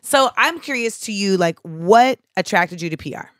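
A woman's voice: mid-range voice, moderate pace, no echo, studio quality. A young adult woman hosting a casual chat, talking bluntly and animatedly with lots of "like.". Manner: blunt, animated, says "like" a lot. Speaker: podcast host.

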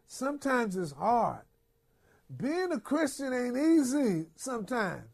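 A man's voice: very high-pitched, big pitch swings, slow pace, vocal fry. A man preaching a sermon, reading Bible verses aloud and exhorting the listeners with repeated phrases and questions.

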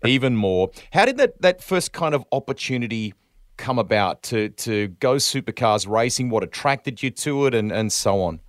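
A man's voice: medium pitch, expressive, moderate pace, no echo, studio quality. A man, hosting a casual interview and asking encouraging questions. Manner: encouraging, short affirmations. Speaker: interview host.

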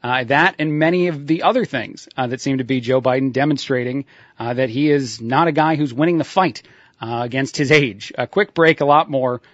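A man's voice: mid-range voice, moderate pace, no room sound, muffled recording. A man hosting a talk radio show, mocking the news with frequent chuckles and filler words. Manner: sardonic, laughs at his own remarks, many uh fillers. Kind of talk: solo talk radio commentary.

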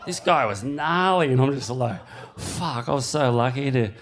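Animated Australian man telling stories. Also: medium pitch, normal speed. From New South Wales south coast, Australia. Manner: animated, laughing storyteller, swears freely. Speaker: panel guest, surfer. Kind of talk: live on-stage storytelling. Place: live panel at a bowling club in front of an audience.

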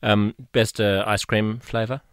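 An Australian man hosts the interview, asking his questions in a hesitant, filler-heavy way. His voice sits on the low side. The sound is dry and close, with no room echo. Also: flat delivery, a little slow, a bit bright, smooth. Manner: hesitant, full of filler words. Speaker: podcast host. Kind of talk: casual interview.

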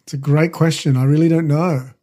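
Co-host type: man with a slightly high, mellow voice, casual and halting. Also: steady tone. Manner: reads trivia aloud with hesitant fillers. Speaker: podcast co-host. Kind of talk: casual chat.

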